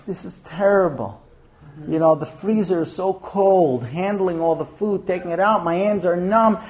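A man's voice: sits high, moderate pace, darkish tone, natural voice. A man quoting a tired wife and mother who plaintively lists her chores. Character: tired mother of young kids, complaining.

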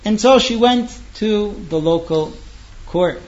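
A man telling a traditional story in a lively way, with dramatic pauses. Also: high voice. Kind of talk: oral storytelling. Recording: dull lo-fi recording.

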